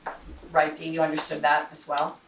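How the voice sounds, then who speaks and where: A woman's voice: sits low, monotone, brisk. A woman giving the general evaluator's report at a speaking club meeting, chatty, with many restarts and fillers. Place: meeting room. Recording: roomy, distant mic with faint noise.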